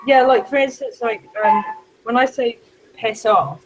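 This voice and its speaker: A woman's voice: a little high, a little slow, over music, low-quality recording. A British woman hosting a casual live chat with friends, laughing often as she talks. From Britain. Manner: giggly, animated, laughs often. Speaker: host.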